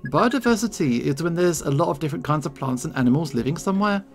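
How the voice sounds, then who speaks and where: A calm, well-behaved teenage boy from a story game, quiet and even-tempered, voiced by a man close to his own voice. There's still a lively rise and fall to his phrasing. Faint game music plays behind. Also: a little high, fast.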